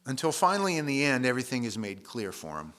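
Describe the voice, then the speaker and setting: A man's voice: medium pitch, very animated, fast talker, a bit bright. A man preaching a sermon in a conversational, plain-spoken way, leaning hard on key words.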